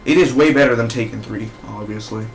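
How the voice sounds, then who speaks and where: A man's voice: lowish voice, brisk, gravelly, slight background noise. A young man giving a casual, rambling movie review, enthusiastic and swearing freely. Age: young adult.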